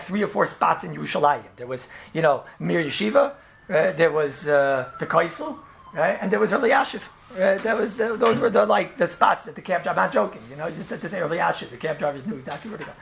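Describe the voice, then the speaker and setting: Fast-talking man a gravelly voice. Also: fairly high pitch, a little hiss or hum, rough recording. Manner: animated, repeats himself, frequent "right?" and restarts. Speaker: storyteller recalling a rabbi. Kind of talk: casual storytelling chat.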